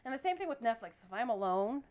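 A woman chatting casually in a group podcast, excitable and rambling, full of fillers. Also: a little high, fast talker, highs cut off. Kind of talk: casual chat.

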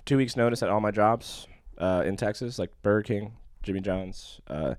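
A man's voice: on the low side, moderate pace, dry recording, clean studio sound. A young man telling a long personal story in casual chat, profane and rambling, full of fillers.

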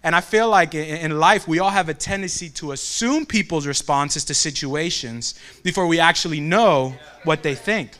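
A man's voice: on the high side, moderate pace, hardly any pauses, clear, resonant tone. A young man giving a devotional talk, acting out family quotes as he tells a childhood story. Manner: animated storyteller who acts out family quotes.

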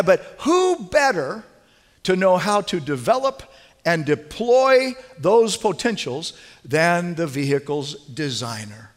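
A man preaching a sermon as pastor, animated, swinging from hushed asides to near-shouting. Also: a little high. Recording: long hall reverb.

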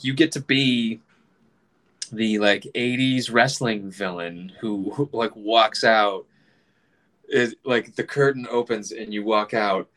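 A man in his forties telling a casual story, animated, swearing freely and acting out other people's voices. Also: fairly low pitch.

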